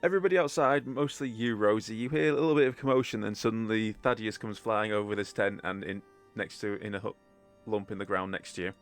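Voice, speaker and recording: A man's voice: on the low side, fast talker, hardly any pauses. A man narrating as game master of a tabletop game, rambling along with many fillers. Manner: rambling, relaxed, full of fillers. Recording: faint background music.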